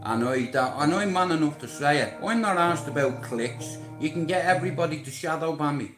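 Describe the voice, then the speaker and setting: A man's voice: a little high, a little fast. Irish man, livestream rant, confrontational and rambling, echoey room, music playing behind. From Ireland. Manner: aggressive, profane, rambling and confrontational. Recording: roomy sound with music behind.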